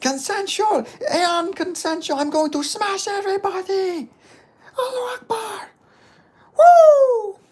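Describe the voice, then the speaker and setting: A man doing an impression of a hyped-up male fighter screaming threats in a high, shrieking voice. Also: unhurried.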